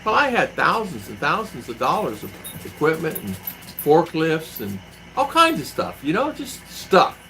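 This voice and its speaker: A man's voice: on the high side, wildly swooping pitch, normal speed, sharp tone, soft background music, rough recording. A middle-aged man hosting a live stream from home, telling rambling stories and answering viewers by name. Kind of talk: casual live-stream chat. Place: home in the Philippines.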